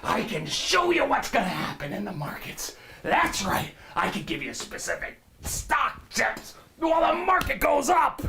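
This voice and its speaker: A man playing a brash, profane finance show host in an improvised comedy monologue, rambling and boastful, swinging between loud laughing shouts and low mutters. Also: huge pitch swings, a little slow, hardly any pauses, a little hiss or hum, full character voice. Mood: manic.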